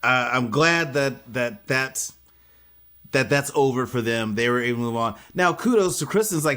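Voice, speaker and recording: A man's voice: medium pitch, expressive, normal speed, a bit bright. A man co-hosting a podcast, chatting casually about a reality show, joking and laughing at his own bits. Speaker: podcast co-host. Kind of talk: casual reality TV recap chat.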